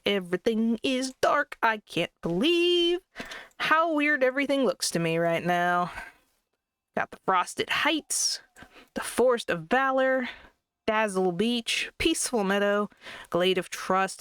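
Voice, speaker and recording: A woman with a mid-range, slightly bright voice talks slowly, her pitch swinging widely, and her tone is clear and resonant with no echo. She chats casually through a let's play, grumbling about lag and joking at her own expense. It's recorded on a desk microphone at a computer.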